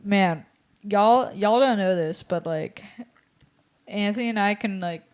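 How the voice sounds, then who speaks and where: A woman's voice: medium pitch, unhurried, darkish tone, clear, resonant tone. Young woman rambling with laughs. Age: young adult. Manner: laughing often, loose and rambling. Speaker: podcast co-host. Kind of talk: casual chat.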